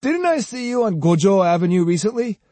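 A man's voice: sits high, big pitch swings, brisk, warm tone, no room sound, voice pushed up. A man voicing an arrogant, contemptuous male swordsman who questions people in a surly, condescending way. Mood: surly, probing.

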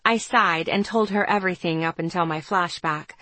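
A woman telling a first-person story as an audiobook narrator, with steady, even storytelling. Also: on the low side, moderate pace, no echo.

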